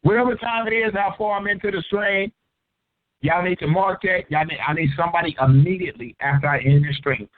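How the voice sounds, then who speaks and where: A man's voice: sits high, brisk. A man hosting a call-in show, confrontational and profane, grilling a caller. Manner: profane, combative, interrogating. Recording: tinny phone-line audio.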